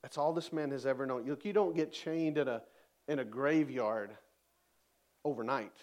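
A man's voice: mid-range voice, moderate pace, darkish tone. A man preaching a sermon, reading scripture aloud with emphatic, dramatic rises in his voice. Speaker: pastor.

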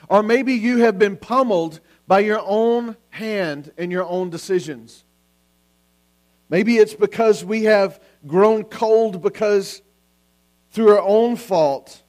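A man with a notably high voice delivers a Sunday sermon. He speaks with earnest urgency, stacking question upon question and now and then stumbling and restarting a word. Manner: earnest preaching with repeated questions, sometimes restarting words. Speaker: pastor.

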